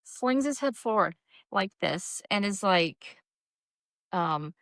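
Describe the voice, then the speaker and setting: A woman, a nurse practitioner co-hosting a podcast, telling a story with animated acted-out quotes. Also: unhurried, dry recording. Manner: animated, acts out quotes with big pitch jumps. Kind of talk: casual storytelling chat.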